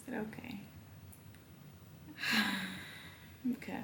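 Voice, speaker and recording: A young woman, hosting a podcast and telling a story in animated, profane casual chat. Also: mid-range voice, slow pace, creaky, pauses often, a little hiss or hum. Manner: animated, swears freely, acts out quoted dialogue. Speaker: podcast host.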